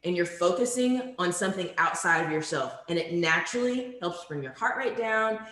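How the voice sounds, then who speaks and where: A woman's voice: lowish voice, animated, moderate pace, a bit bright. Chatty woman trainer in an echoey room. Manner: conversational, friendly, many ums. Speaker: workshop facilitator. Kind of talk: virtual conference training talk. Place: home room. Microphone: video call.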